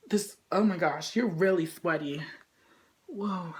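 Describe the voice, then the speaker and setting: Gushing young woman with a lively voice. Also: mid-range voice, unhurried, a little hiss or hum. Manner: gushing, squealing fangirl, swings between shrieks and whispers. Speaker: vlogger unboxing a photobook. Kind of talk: excited casual unboxing vlog. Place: at home.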